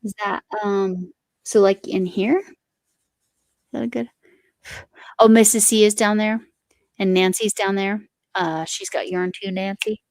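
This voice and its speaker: A woman's voice: medium pitch, fairly even intonation, measured pace, long pauses, darkish tone, no echo. A woman hosting a casual live chat while she crochets, reading viewer comments aloud and talking to her cat. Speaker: livestream host.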